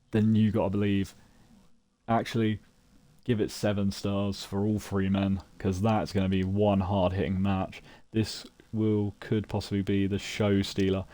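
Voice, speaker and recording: A man streaming a wrestling video game, giving chatty, excitable commentary and predictions. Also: lowish voice, no room sound. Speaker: gaming streamer. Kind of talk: casual live-stream commentary.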